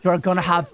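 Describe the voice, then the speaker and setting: A woman streaming a game in casual chat, flustered and exclamatory as she struggles with the volume. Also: fairly low pitch. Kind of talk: casual let's-play chat. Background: game music.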